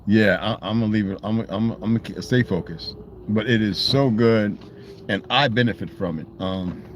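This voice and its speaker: A man's voice: fairly low pitch, moderate pace, highs cut off, slight background noise. A man talking in a loose, rambling monologue, swearing freely and restarting his sentences. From United States. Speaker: channel host.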